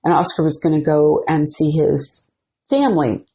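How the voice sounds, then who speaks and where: A woman's voice: sits low, normal speed. A woman hosting a podcast, casually telling a ghost story and acting out the quoted dialogue. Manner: animated, acts out quoted dialogue. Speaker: podcast host.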